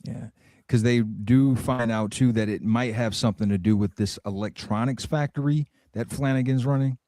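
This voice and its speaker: A man co-hosting a podcast, summarizing plot points in a relaxed, brief way. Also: medium pitch, normal speed, no room sound, studio quality. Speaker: podcast co-host. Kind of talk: casual recap chat.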